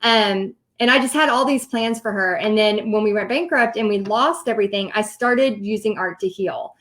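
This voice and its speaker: A woman in her thirties with a Southern US accent, hosting and telling a personal story in a chatty, animated way with many ums. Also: mid-range voice, moderate pace. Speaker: host. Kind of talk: casual storytelling livestream.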